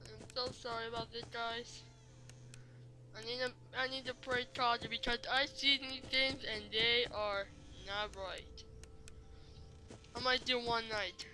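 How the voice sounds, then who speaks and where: A woman's voice: fairly high pitch, fairly even intonation, unhurried, sharp tone. A woman doing let's play commentary, jumpy and rambling, who keeps apologizing to viewers. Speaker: gamer.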